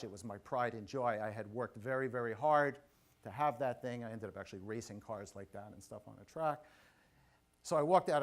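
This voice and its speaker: A middle-aged man giving a motivational keynote at a conference, telling a personal story with quick asides and questions to the audience. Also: lowish voice. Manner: animated, audience-engaging, personal anecdotes with asides. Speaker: keynote speaker. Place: conference stage before a live audience.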